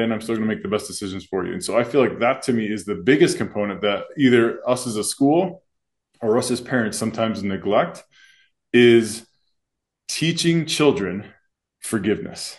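A man's voice: on the low side, normal speed. A man co-hosting a podcast, speaking earnestly and reflectively as a school leader in casual discussion. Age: adult with children. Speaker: school administrator and podcast co-host.

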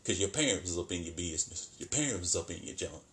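Male vlogger, low-ish voice, loose colloquial recap, laughs a lot. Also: fast talker, a little hiss or hum. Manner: animated, colloquial, laughs often. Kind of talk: casual commentary.

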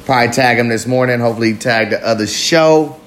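A man's voice: medium pitch, fast, fairly bright tone, slight background noise. A man hosting a live recovery talk show, talking loosely and profanely in a confessional monologue, sometimes drawing out his words. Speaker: podcast host.

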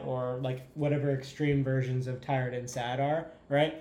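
Enthusiastic rambling man, mellow voice. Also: mid-range voice, normal speed, echoey room. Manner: enthusiastic, rambling, frequent "like" and "right?". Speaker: podcast guest. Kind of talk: casual conversation.

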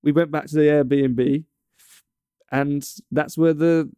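A man's voice: on the high side, steady tone, slow pace, dark tone, smooth, no room sound. A young man from England in casual chat, telling a long story with many stumbles and restarts. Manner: rambling, stumbles and restarts often.

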